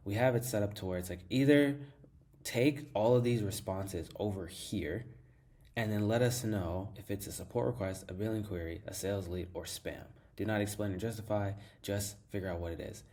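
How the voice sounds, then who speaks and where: A man's voice: sits low, warm tone. A man giving a casual, enthusiastic screen-share tutorial, often saying "like" and repeating phrases as he explains. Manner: enthusiastic, fills with "like" and repeats himself. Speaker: tutorial host.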